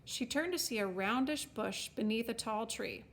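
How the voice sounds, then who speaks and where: A woman with a somewhat high voice reads a children's fantasy chapter aloud. Her narration is wry and expressive, paced like a storybook. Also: normal speed, slight background noise. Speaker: audiobook narrator.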